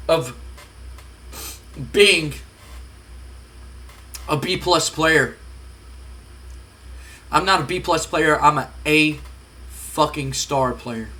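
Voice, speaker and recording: A man's voice: on the high side, bright, forceful tone. A man doing a cocky, taunting wrestler. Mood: boastful. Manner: boastful, taunting and heated. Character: cocky, defiant male pro wrestler.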